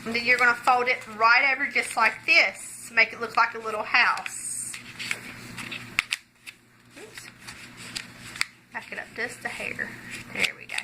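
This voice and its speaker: A woman's voice: fairly high pitch, unhurried, long pauses, very noisy. A woman presenting a gospel magic trick, folding paper while telling a folksy story in a chatty way, checking in with "okay" often. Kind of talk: storytelling tutorial.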